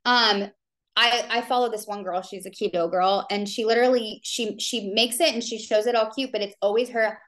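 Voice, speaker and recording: A woman's voice: fairly high pitch, steady tone, normal speed, fairly bright tone. Chatty woman coaching on a call. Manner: chatty, rambling, full of fillers. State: tearful. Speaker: business coach. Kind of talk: casual live training call.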